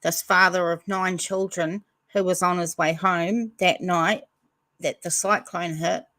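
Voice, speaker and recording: A woman who hosts a podcast, giving viewers a relaxed, chatty update. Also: fairly low pitch, a little slow, no room sound. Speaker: podcast host.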